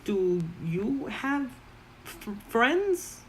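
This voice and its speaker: A man's voice: very high voice, sing-song, very slow, a little hiss or hum, pitched above the performer's own voice, exaggerated voice, poor audio. A man voicing a hungry, childlike male goblin apprentice who talks about himself in broken third person. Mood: puzzled.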